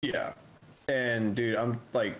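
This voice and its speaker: A young man co-hosting a podcast, swapping profane, animated stories in casual chat. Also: mid-range voice, slow pace, slight background noise. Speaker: podcast co-host.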